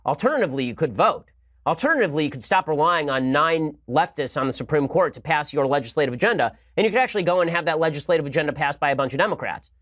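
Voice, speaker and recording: Rapid-fire sarcastic male host. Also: on the high side, expressive, fairly bright tone, dry recording, clean studio sound. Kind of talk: political commentary monologue.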